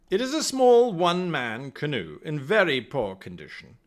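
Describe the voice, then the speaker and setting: Male game master, slightly high voice with a lively, rising-and-falling delivery, reading a gamebook and chatting to viewers. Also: moderate pace. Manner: chatty, talks to the stream chat, reads passages aloud. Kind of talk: reading a solo gamebook on a live stream.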